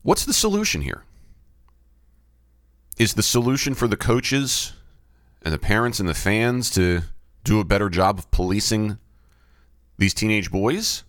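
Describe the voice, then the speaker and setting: Musing low-voiced man. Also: big pitch swings, unhurried, pauses often, fairly bright tone, no room sound. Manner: musing, asks himself questions, frequent restarts. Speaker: podcast host and baseball umpire. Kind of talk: reflective solo podcast talk. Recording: dry close-miked studio sound.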